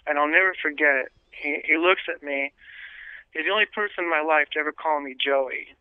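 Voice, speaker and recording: A man, a priest, earnestly telling his life story as an interview guest, pausing often with fillers and restarts. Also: fairly high pitch, clean tone, no room sound. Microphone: telephone. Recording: tinny dry phone line.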